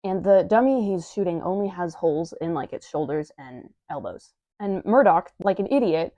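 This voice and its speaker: Chatty young woman doing a scripted review, wry asides, mellow low voice, dry close mic. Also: dry recording. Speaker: manga reviewer.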